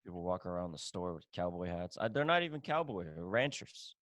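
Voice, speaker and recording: Give me a man with a deep voice hosting a casual podcast chat, blunt and profane. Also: very animated, brisk, fairly bright tone, dry recording. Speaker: podcast host.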